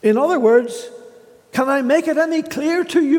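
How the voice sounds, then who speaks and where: A man preaching a sermon in a slow, measured way, pausing often and voicing the scripture quotes he reads. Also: extremely high pitch, darkish tone, in a large hall.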